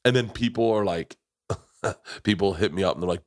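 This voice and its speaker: A man's voice: low voice, moderate pace, pauses often. Boisterous, profane man hosting a podcast. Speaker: podcast host. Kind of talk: casual podcast chat.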